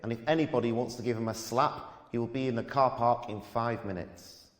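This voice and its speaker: A man's voice: mid-range voice, steady tone, brisk. A man compering on stage, closing an act with dry, apologetic put-downs. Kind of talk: stage announcement. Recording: echoey room with long reverb.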